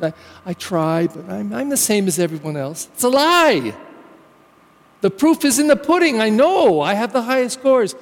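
High-voiced preacher in a reverberant church. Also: male voice. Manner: animated, conversational, storytelling. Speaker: pastor. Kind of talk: sermon.

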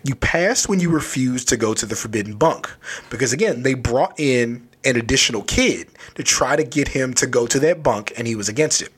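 A man casually recapping a children's horror story, loose and animated, with lots of filler words. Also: medium pitch, fairly quick, husky. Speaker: book reviewer.

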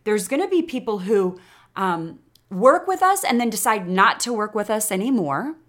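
A woman's voice: mid-range voice, lively intonation, moderate pace, a bit bright. A woman from Chicago hosting a motivational podcast, chatty and encouraging in a casual monologue. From Chicago, United States. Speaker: podcast host. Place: Texas.

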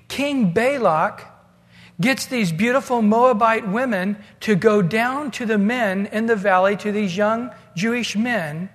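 A man's voice: high voice, a bit bright. A man preaching a sermon, retelling a story casually and acting out the dialogue, with long hall reverb.

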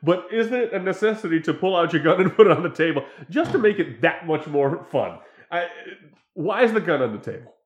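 A man's voice: fairly high pitch, expressive, a little fast. Casual man retelling a film plot. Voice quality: profane, laughing, restarts. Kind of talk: casual film recap chat. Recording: echoey room.

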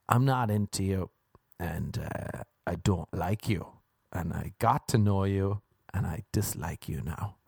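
A young man talks straight to camera in a loose, rambling comic monologue. His voice sits a little low and sounds dry and close. He is crude and jokey, tripping over and restarting his sentences as he goes. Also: vocal fry, darkish tone, no room sound. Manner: crude, joking, rambling, with self-interrupting restarts. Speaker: vlogger.

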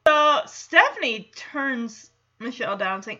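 A woman's voice: high-pitched, animated, measured pace, sharp tone, lo-fi sound. A woman hosting a podcast, recapping an episode in casual chat and quoting characters in little voices. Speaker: podcast host.

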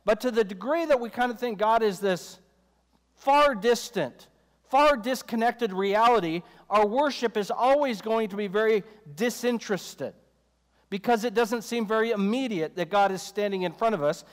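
A high-voiced pastor delivers a sermon in a relaxed, conversational manner at a moderate pace, his tone clean. He slips in joking asides and acts out the voices of people he quotes. A long reverb carries his voice through a hall.

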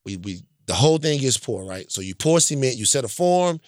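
A man's voice: mid-range voice, very animated, a little fast, dry recording. Brief: blunt, emphatic male storyteller from Louisiana, casual, dry close mic. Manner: emphatic, repeats points, checks in with "right?"; profane and blunt.

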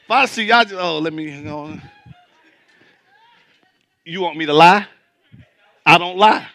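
Male pastor, high bright voice, colloquial joking sermon, dry close sound. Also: a little slow, no echo. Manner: colloquial, joking preaching to a congregation.

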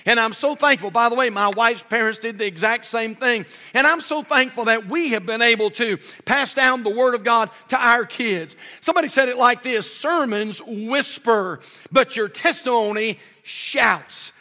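A man's voice: extremely high pitch, moderate pace, few pauses, pushed and bright, long reverb tail. An older man preaching a sermon from a church pulpit, in a folksy, fervent way with many repeats. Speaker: pastor.

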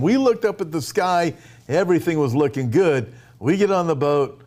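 A male pastor preaching a sermon, retelling scripture in a conversational, animated way with frequent asides. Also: fairly high pitch, normal speed.

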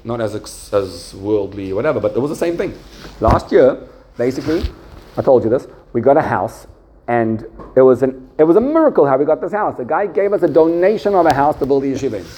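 Animated man teaching a Torah class. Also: medium pitch, fairly quick. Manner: animated, conversational, acts out the voices in his stories. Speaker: yeshiva head teaching a class.

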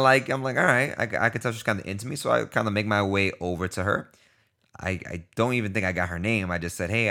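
Man from New York City, fairly low voice, casual storytelling, acts out dialogue, low muttered asides. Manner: animated storyteller, acts out dialogue in quick back-and-forth. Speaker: podcast host.

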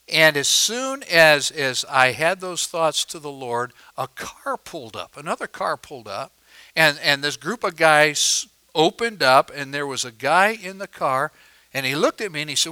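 A male pastor telling a story in a sermon, animated and acting out the voices of people he quotes, on a worn microphone in a church. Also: a little high, unhurried, dry recording, poor audio.

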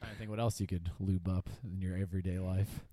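Wisecracking young man, low voice. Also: little pitch movement, brisk, mellow, dry recording. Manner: joking, wisecracking. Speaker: podcast co-host. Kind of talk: casual banter.

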